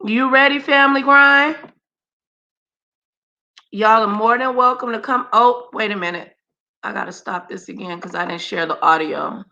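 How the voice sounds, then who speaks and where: Bright, emphatic woman livestream host. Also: on the high side, normal speed, gravelly, pauses often, muffled recording. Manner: emphatic, slangy, talks straight to her viewers. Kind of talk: casual reaction commentary.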